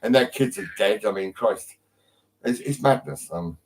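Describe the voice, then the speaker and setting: A man from England chats live into his phone from home in a lowish voice. He rambles, restarts his sentences and swears freely. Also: expressive, moderate pace, low-quality recording. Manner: rambling, full of ums and restarts, heavy swearing. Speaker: livestreamer. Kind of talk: rambling live-stream chat.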